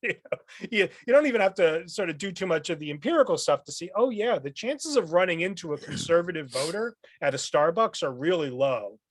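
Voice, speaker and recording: Guesting on a podcast interview, the philosophy professor talks through ideas like a thoughtful lecturer, his high voice animated and free of echo. He keeps pausing with "um" and restarting what he was saying.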